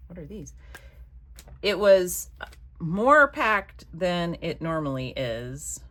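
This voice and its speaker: A woman chatting casually while she crafts, rambling from one thought to the next and dropping soft muttered asides. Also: lowish voice. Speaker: craft vlogger.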